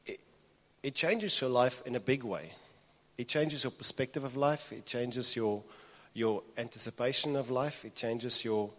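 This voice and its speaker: A man preaching a sermon to a congregation in an earnest way, repeating his phrases for emphasis. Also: medium pitch. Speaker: pastor. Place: church hall. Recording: reverberant church hall.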